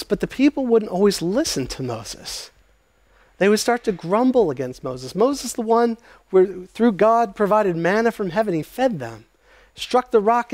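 A male pastor preaching a sermon with emphatic rises and slowed, weighty phrases. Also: high voice, darkish tone, dry recording.

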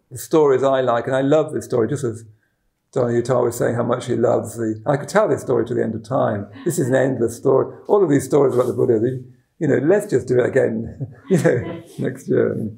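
A middle-aged man, a Buddhist teacher telling a story in a dharma talk, halting and repeating words, chuckling at his own stories. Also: mid-range voice, vocal fry, dark tone. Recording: roomy echoing room.

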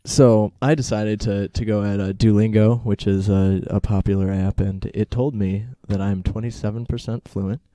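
A young man chatting casually as a podcast guest, hesitant with many fillers and deadpan jokes. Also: on the low side, dry recording, studio quality. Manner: halting, lots of uh and um, deadpan jokes. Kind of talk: casual chat.

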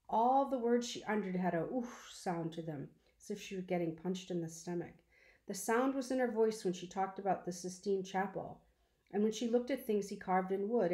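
A woman reading a children's novel aloud in a calm, measured storytelling voice. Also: medium pitch. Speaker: audiobook reader. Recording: roomy echo.

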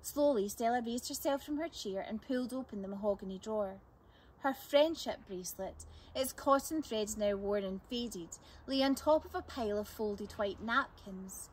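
A woman reading a children's chapter book aloud, her voice fairly high and calm. She narrates clearly and steadily. A faint hiss sits under the recording. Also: normal speed, rough recording. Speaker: storyteller.

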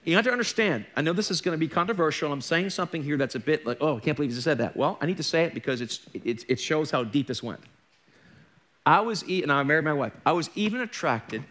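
A man's voice: on the high side, pushed and bright. A middle-aged man preaching a sermon as a pastor, candid and conversational, with joking asides. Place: church.

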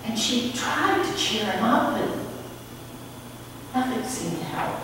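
A woman minister tells a sermon story at an unhurried pace, her voice lifting and falling with lively expression. She is heard from a distance in a church sanctuary with long reverb. A faint hiss sits under the sound. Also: fairly high pitch. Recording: echoey hall from afar, faint noise.

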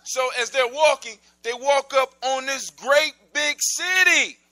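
Animated male storyteller, very high voice. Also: slow, poor audio. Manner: animated, conversational, informal grammar. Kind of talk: casual oral storytelling.

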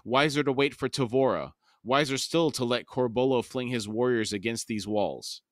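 A man's voice: medium pitch, normal speed, no room sound, clean studio sound, natural voice. A man voicing a weary, shaken male army historian in an audiobook-style reading, in a blunt, tired manner. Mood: strained.

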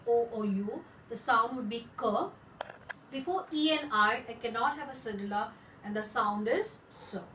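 Lady teacher going slow over each word, mic a bit far off, faint hum behind. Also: on the high side, fairly bright tone, echoey room. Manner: slow, careful, repeats words for practice. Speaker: French teacher. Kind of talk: explaining a language lesson.

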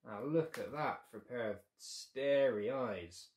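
A man's voice: mid-range voice, lively intonation, measured pace, a little mellow. A man reading his picture book aloud to children, with playful asides to young listeners.

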